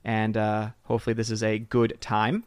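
A man's voice: lowish voice, monotone, moderate pace, clear, resonant tone, no echo. A man hosting a casual live stream, greeting viewers by name and reading chat comments. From southern United States. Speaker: livestream host.

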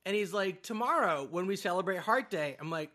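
Bright-voiced man telling animated stories. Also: high voice, fairly quick. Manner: animated storyteller acting out his kid. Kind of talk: casual chat.

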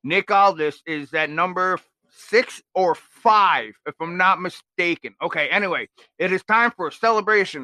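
A man hosts a casual live watch-along, talking in a rambling, excitable way full of fillers. His voice sits high and sounds bright and forceful. The sound is dry, with no room echo. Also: normal speed. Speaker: podcast host.

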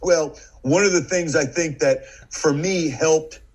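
A man's voice: fairly high pitch, unhurried, breathy edge, low-quality recording. A middle-aged man from the United States, a podcast guest telling a vivid anecdote and acting out the quoted lines. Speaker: podcast guest, former FBI agent. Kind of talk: storytelling in conversation.

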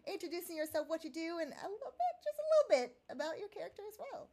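A woman hosting a casual interview, upbeat and encouraging with drawn-out phrasing. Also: extremely high pitch, big pitch swings, warm tone. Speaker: host.

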